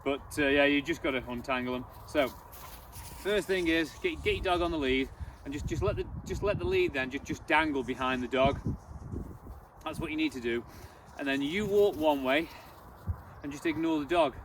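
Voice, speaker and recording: A man's voice: fairly high pitch, moderate pace, far from the mic, background noise. A man who trains dogs, giving a casual step-by-step training demonstration and chatting as he moves around a cold field. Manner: chatty, repeats words, gives commands to the dog. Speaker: dog trainer.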